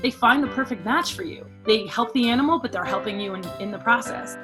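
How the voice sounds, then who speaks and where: A woman's voice: a little high, fairly quick. A woman giving a personal testimonial about adopting a dog, speaking earnestly and conversationally with casual fillers. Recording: music playing behind the voice.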